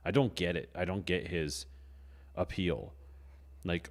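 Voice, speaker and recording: A man co-hosting a casual movie-review podcast, laid-back and quick to laugh. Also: low voice, in a large hall. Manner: laid-back, laughs often, trailing asides. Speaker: podcast co-host.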